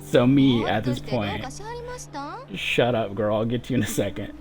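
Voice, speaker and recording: A man's voice: on the low side, fairly even intonation, moderate pace, over music. A man livestreaming a game, telling a long profane story in a frustrated casual rant and laughing through it. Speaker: gaming livestreamer.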